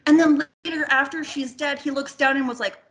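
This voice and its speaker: A high-voiced woman speaks fairly quickly as a film podcast guest, animated and rambling. Filler "like" runs all through her talk, along with the odd casual swear.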